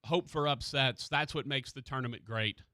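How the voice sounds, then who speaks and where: A man hosting a sports radio show in a studio, chatting casually and excitedly about college basketball. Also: mid-range voice, normal speed, no room sound.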